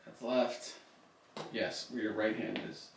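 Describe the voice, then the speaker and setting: A woman's voice: extremely low pitch, steady tone, takes it slowly, vocal fry, noisy background. A woman at home giving short, dry replies. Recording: echoey room, far from the mic.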